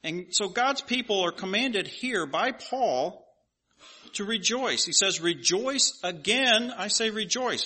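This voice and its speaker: A man's voice: high voice, pushed and bright, breathy edge. A man preaching a sermon and reading scripture aloud, emphatic and asking rhetorical questions at an uneven pace.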